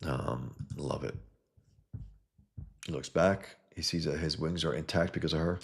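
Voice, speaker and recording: Low gravelly man, livestream talk. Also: a little slow. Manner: enthusiastic, profane, reads chat aloud. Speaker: livestream host reviewing comic art. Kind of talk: casual livestream commentary.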